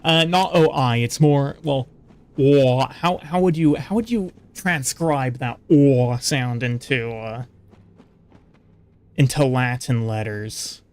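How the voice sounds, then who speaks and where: A man's voice: medium pitch, takes it slowly. A man streaming a video game, rambling casually and poking fun at himself while chatting with viewers. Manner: rambling, self-deprecating, chatty with stream chat. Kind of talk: casual gaming commentary.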